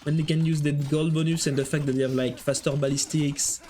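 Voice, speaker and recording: A man giving live esports commentary, excitable and joking as he jumps between calling the play and chatting with viewers. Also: a little high, brisk. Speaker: esports caster.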